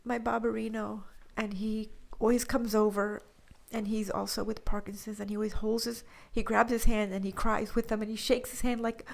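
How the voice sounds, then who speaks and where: Emotional, softly whispery woman. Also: mid-range voice, level tone. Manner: emotional, often drops to a breathy whisper; halting, with restarts. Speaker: podcast co-host. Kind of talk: casual chat.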